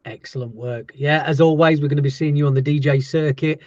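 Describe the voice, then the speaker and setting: A man's voice: fairly high pitch, fairly even intonation, fairly quick, a little mellow, no room sound, highs cut off. A man with a Yorkshire accent hosting a casual interview podcast, chatty and jokey with his guests. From Yorkshire, England. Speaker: podcast host.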